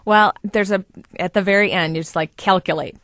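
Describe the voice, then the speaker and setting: A woman telling her story as an interview guest, animated and quick to laugh. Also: mid-range voice, no echo, clean studio sound. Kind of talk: personal interview recollection.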